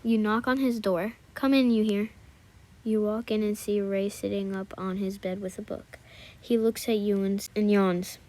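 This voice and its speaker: A woman reading second-person fan fiction aloud in a calm, soft narration. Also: mid-range voice, normal speed. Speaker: story reader.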